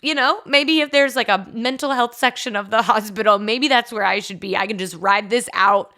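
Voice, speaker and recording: Congested but forceful, a young woman shares personal stories on her casual solo podcast, confessional and chatty, peppered with "like" and laughing asides. Her voice is fairly high and bright, at a moderate pace.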